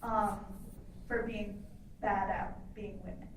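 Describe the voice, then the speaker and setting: A woman's voice: mid-range voice, fairly even intonation, takes it slowly. A woman in the audience asking a question hesitantly, with many fillers. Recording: roomy hall from far off, noisy.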